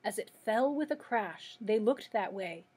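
Husky woman reading a storybook aloud. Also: mid-range voice, animated, measured pace, darkish tone. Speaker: librarian.

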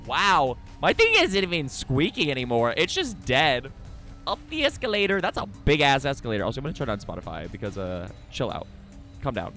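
Excitable, swearing male game streamer. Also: mid-range voice, faint music behind. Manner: excitable and profane, quick laughs, greets chat loudly. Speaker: livestreaming gamer. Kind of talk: casual live gameplay chat.

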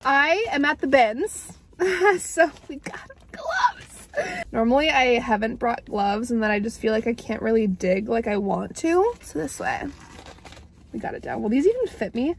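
A woman's voice: on the high side, animated, normal speed, slightly rough, poor audio. A young woman vlogging in a bubbly, chatty way, filling her talk with "like". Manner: bubbly, chatty, heavy use of "like". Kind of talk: casual vlog chat.

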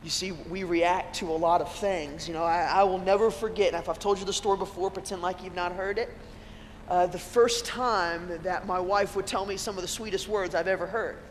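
Man, pastor, sermon, high pitch, chatty storyteller, self-deprecating humor, faint background noise. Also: steady tone, fairly quick. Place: church sanctuary. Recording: long church-hall reverb with faint room noise.

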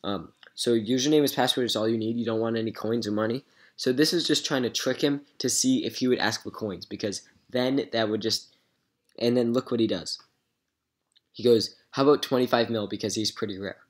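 Speaking fairly quickly in a medium-pitched voice, a man on his gaming channel recaps an exchange with a scammer. He's chatty and amused, saying "so I go" as he retells messages and dropping plenty of "um"s along the way.

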